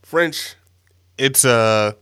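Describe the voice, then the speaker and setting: An easygoing man co-hosts a podcast, talking in a halting way with lots of fillers. His voice sits at an everyday middle pitch. The sound is close and dry. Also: fairly bright tone, clean tone, dry recording. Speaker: podcast co-host. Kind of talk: casual chat.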